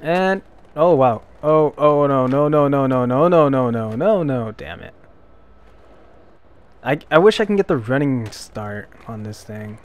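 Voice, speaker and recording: A young man giving casual let's-play commentary, self-deprecating, with loud frustrated outbursts. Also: medium pitch, animated, measured pace. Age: young adult. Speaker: gameplay commentator.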